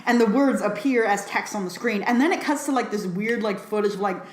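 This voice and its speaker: A woman's voice: mid-range voice, brisk, reverberant. A woman giving a casual film review, talking chattily with lots of fillers and frequent laughs.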